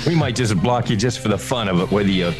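A man's voice: on the low side, quick pace, over music. A man co-hosting a casual podcast, joking and laughing often. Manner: jokey, laughs often, lively delivery. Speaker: podcast co-host. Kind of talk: casual chat.

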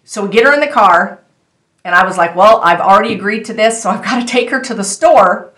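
A woman's voice: medium pitch, brisk, fairly bright tone, echoey room. A woman earnestly telling a personal testimony to her viewers, stressing again and again that she is not exaggerating. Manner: earnest, insistent, repeats herself for emphasis. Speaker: testimony speaker.

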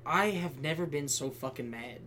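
A podcast co-host ranting in casual chat, swearing heavily and getting animated. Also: mid-range voice, normal speed, a little hiss or hum.

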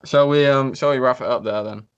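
A man's voice: medium pitch, brisk, clean tone, lo-fi sound. A man co-hosting a podcast, chatting casually in a sweary, self-mocking, rambling way. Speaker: podcast co-host. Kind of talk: casual chat.

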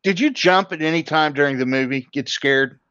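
Dry teasing podcast guy, muffled low-fi sound. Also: brisk, pushed and bright, clear, resonant tone, no room sound. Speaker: podcast co-host. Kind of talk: casual comedic chat. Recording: dull lo-fi sound.

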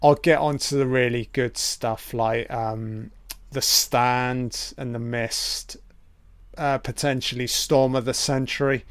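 A man's voice: medium pitch, steady tone, takes it slowly, smooth, no room sound. A man giving a profane, sarcastic film commentary, ranting in exasperation. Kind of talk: audio commentary rant.

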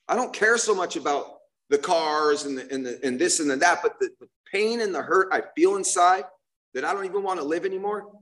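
A man's voice: on the high side, a bit bright. A man delivers an emotional recovery testimony to a meeting, speaking from the heart in a slightly raised register. He talks in an earnest, plain way, often stumbling and restarting his sentences, and peppers them with "man" and "you know what I mean.".

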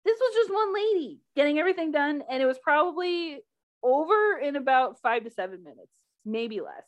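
Animated young woman telling a story. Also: high-pitched, normal speed. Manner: animated, laughs often, acts out quotes loudly. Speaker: podcast host. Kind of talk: casual storytelling chat.

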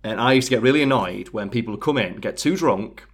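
Young British man, casual sweary storyteller, average pitch. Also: fast. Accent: British English. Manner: swears freely, laughs through anecdotes.

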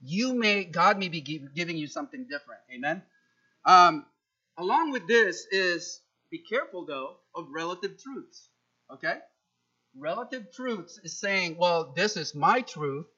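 A man preaching a sermon, animated, often repeating words and acting out quoted speech with sudden loud jumps. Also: high voice, unhurried, highs cut off. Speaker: pastor.

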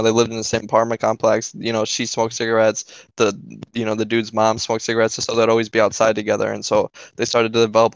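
Brief: man co-hosting a podcast, rambling and profane, with a gravelly voice in a muffled lo-fi recording. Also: on the low side, no echo. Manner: profane, filler-heavy, keeps asking "right?". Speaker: podcast co-host. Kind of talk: casual storytelling. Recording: dull lo-fi dry recording.

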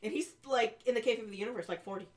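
A woman's voice: a little high, very fast, a little mellow. A woman co-hosting a casual podcast, adding sarcastic, exasperated comments on a movie. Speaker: podcast co-host. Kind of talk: casual movie recap chat.

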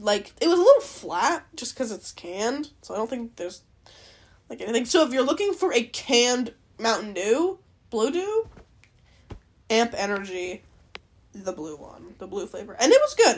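A woman's voice: a little high, husky. A young Canadian woman hosting a podcast, rambling casually, swearing a lot and laughing often. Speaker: podcast host. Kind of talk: casual solo chat.

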